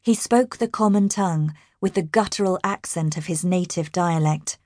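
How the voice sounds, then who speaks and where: A woman narrator reading a fantasy novel aloud in a measured, even storytelling manner. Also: lowish voice, dry recording, clean studio sound. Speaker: audiobook narrator. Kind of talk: scripted narration.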